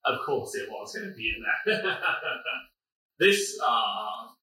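A man, a podcast guest in a pub, telling a story in a fast, animated and profane way, often laughing. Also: a little high, recorded from a distance, slight background noise. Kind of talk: casual storytelling. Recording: echoey room, voice from afar.

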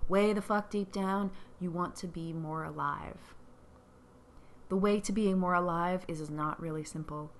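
A woman's voice: on the low side, a little hiss or hum. A woman business coach giving a blunt, profane motivational monologue, repeating her points for emphasis.

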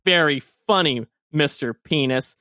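A man voicing a gruff, laid-back male townsman who throws people off a stage. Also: fairly high pitch, a little slow, bright, forceful tone, no room sound, studio quality, voice pushed down.

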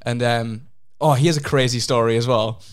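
A young man, telling a rambling story on a casual podcast, his voice jumping up in pitch when he gets excited. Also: normal speed, smooth. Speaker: podcast co-host. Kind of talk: casual chat.

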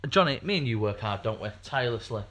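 A man's voice: mid-range voice, lively intonation, fast talker, a bit bright. A man co-hosting a podcast, talking casually in a rambling way with lots of fillers. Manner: rambling, chatty, many fillers and restarts. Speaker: podcast co-host.

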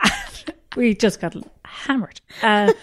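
A middle-aged Irish woman, a comedian, telling a lively anecdote with swearing and laughter. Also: mid-range voice, normal speed, dry recording, studio quality. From Ireland. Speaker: comedian guest. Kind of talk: storytelling interview.

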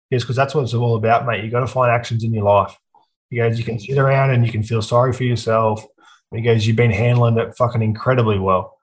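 A man's voice: medium pitch, fairly even intonation, fast, poor audio. A man in his thirties with an Australian accent, a guest speaking bluntly and earnestly about his life, swearing freely and often saying "mate". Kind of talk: candid personal storytelling.

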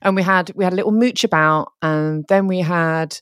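A woman co-hosting a podcast, telling stories in a chatty, animated way. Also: on the low side, normal speed, clean tone, no echo, studio quality. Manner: chatty, animated storytelling with quoted voices. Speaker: podcast co-host. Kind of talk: casual chat.

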